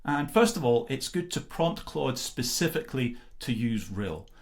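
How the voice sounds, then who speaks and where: A man casually narrating a screen-recorded software tutorial, relaxed and explanatory, with many filler pauses. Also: medium pitch. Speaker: software demo presenter.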